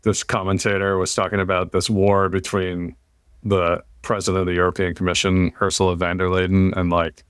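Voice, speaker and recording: Podcast host, American man, low voice, dry close sound, blunt and opinionated. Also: normal speed, smooth, dry recording. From United States. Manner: blunt, swears, animated rants. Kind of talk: casual opinionated chat.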